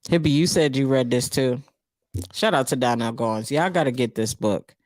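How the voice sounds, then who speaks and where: A woman's voice: a bass voice, normal speed, darkish tone, no room sound. Chatty New York woman, dry sound. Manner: chatty and loose, reacting to chat, frequent fillers. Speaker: comedian hosting her own live stream. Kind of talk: casual live-stream book recap.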